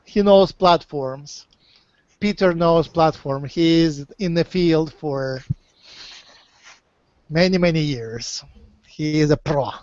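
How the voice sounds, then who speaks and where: A man speaks slowly and kindly, offering guidance during a channeling session. His voice sits a little high and sounds dry and close. It comes through a muffled, lo-fi video call. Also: a little mellow, no room sound. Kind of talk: advice in a group video call. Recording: dull lo-fi call audio.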